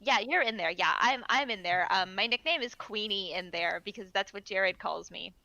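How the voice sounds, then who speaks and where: Bright chatty woman giving advice. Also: medium pitch, normal speed, creaky, no echo, dull audio. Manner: chatty and encouraging, many fillers. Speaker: voice actor guest. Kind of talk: casual chat on a stream.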